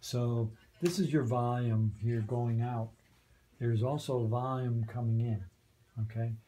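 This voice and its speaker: Mellow-voiced man teaching a radio board. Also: medium pitch, fairly even intonation, slow, a little hiss or hum. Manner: patient, repeats "okay?" to check understanding. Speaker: radio station trainer. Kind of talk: hands-on training walkthrough. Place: small community radio studio.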